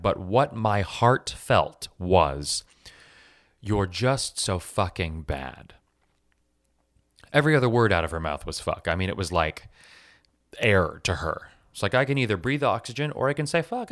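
A man from Los Angeles telling a personal story in an animated, self-mocking way, swearing freely. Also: lowish voice, no echo, clean studio sound.

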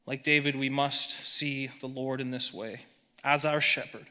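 Male pastor, sermon delivery, very bright tone, emphatic with hushed drops. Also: mid-range voice, flat delivery, measured pace, smooth. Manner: emphatic, swings between raised emphasis and hushed lines.

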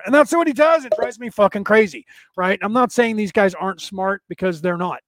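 High-voiced man ranting profanely. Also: lively intonation, brisk, fairly bright tone, no echo. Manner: profane, rambling, laughing at his own jokes. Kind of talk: profane comedic rant. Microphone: desk setup.

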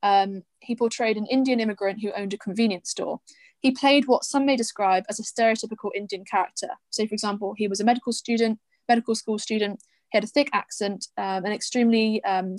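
A woman's voice: mid-range voice, steady tone, a little fast, no room sound. Woman podcast co-host, filler-heavy talk. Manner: thoughtful, filler-heavy with "um" and "you know". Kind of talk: casual discussion podcast.

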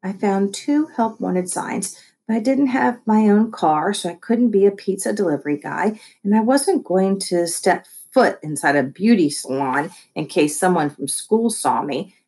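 A woman reading a first-person children's novel aloud with wry, expressive storytelling. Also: medium pitch, unhurried, slightly rough. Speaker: audiobook reader. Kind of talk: first-person scripted narration.

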